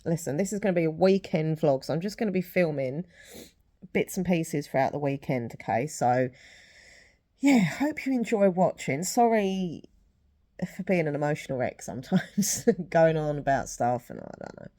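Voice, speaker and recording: A woman's voice: deep voice, sing-song, normal speed, dark tone. A woman vlogging in a rambling, apologetic casual chat, emotional and close to tears, with sighs.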